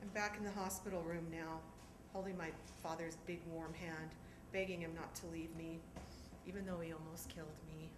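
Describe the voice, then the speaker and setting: A woman's voice: medium pitch, background noise. A woman in her fifties performing a live one-woman stage show, telling a family story animatedly, laughing and acting out scenes. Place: theatre with audience. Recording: echoey theatre with live audience.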